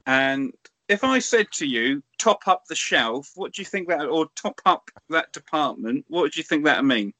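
A man's voice: a little high, expressive, moderate pace, bright, forceful tone, no room sound. A man, chatting on a podcast in a dry, mock-indignant way. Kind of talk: casual chat.

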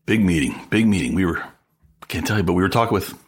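A man's voice: expressive, fast talker, slight background noise. A man co-hosting a pop culture podcast in casual, jokey banter, often joking around with his co-host. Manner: jokey, playful, slips into mock-deep radio voice.

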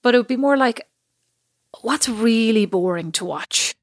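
A woman's voice: a little high, lively intonation, measured pace, no echo. Woman, podcast co-host, casual rambling chat, laughs at own jokes, dry close mic.

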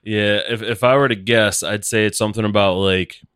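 A man's voice: on the low side, fairly even intonation, fairly quick, fairly bright tone, clean tone, no echo, clean studio sound. A man co-hosting a podcast in casual chat, laid-back, laughing often and chiming in. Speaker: podcast co-host.

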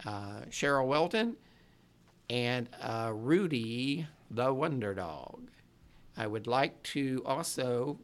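Halting man reading listener thanks. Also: mid-range voice. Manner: halting, many fillers, laughs easily. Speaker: podcast host. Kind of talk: casual chat.

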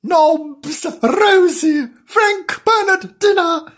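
A man voicing an excitable woman who shrieks for the animals to come to dinner in a comic storybook reading. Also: extremely high pitch, a little slow, voice pushed up. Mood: shrieking. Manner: shrieking, calling out.

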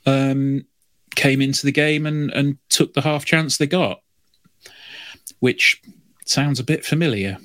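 A man's voice: medium pitch, slow pace, long pauses, a bit bright, dry recording. A man co-hosting a football podcast, talking in a rambling way with many fillers. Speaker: podcast co-host. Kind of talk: casual chat.

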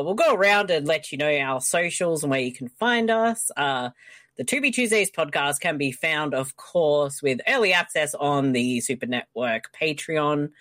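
A woman's voice: sits low, fairly bright tone, no room sound. A woman hosting a casual movie commentary podcast, reacting with laughs and exclamations. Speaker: podcast host.

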